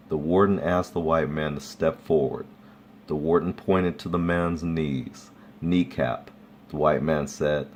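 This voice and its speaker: A man casually reading folk tales aloud, relaxed and chuckling at his own jokes. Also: a bass voice, unhurried, a little hiss or hum. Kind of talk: casual read-aloud storytelling.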